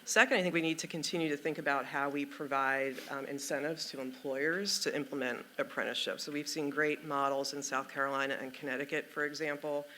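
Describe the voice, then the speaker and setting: A man speaking as a policy panelist, measured and articulate with occasional fillers. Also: on the high side, steady tone, bright, forceful tone, a little hiss or hum. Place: conference meeting room.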